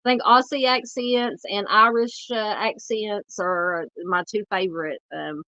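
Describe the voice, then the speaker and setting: A woman's voice: mid-range voice, fairly even intonation, bright, forceful tone, no room sound, dull audio. Southern woman chatting through a livestream. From United States. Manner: rambling, halting, lots of fillers while searching the screen. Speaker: true crime livestream host. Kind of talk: casual livestream chat reading comments.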